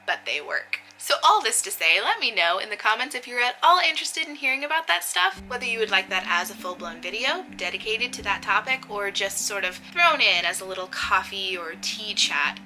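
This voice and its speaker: A woman's voice: medium pitch, animated, fairly quick, hardly any pauses, sharp tone, soft background music, rough recording. A young woman vlogging in a casual chat to camera, talking chattily and laughing often.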